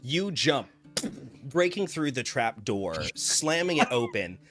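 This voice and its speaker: A man running a tabletop game as game master, describing scenes in a measured way with frequent fillers. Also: medium pitch, sing-song, a bit bright.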